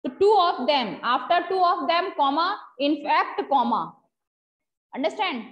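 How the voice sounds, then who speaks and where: Indian English teacher dictating a grammar lesson. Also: female voice, sits high. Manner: slow, deliberate dictation with Hindi asides. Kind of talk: online grammar class. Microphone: video call. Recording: slightly dull lo-fi video call audio.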